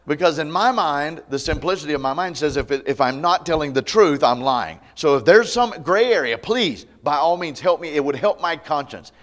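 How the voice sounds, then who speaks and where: A man pastor preaching a camp meeting sermon to a congregation, conversational and folksy, with humor and loud emphatic peaks. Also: a little high, lively intonation, normal speed, hardly any pauses. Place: church meeting before a live congregation.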